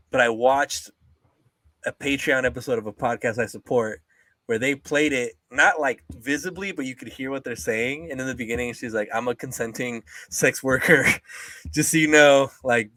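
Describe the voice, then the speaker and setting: Young male co-host, animated, profane, close and dry. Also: mid-range voice, no echo. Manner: animated, swears a lot, mocking impressions. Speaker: podcast co-host. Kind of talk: casual chat.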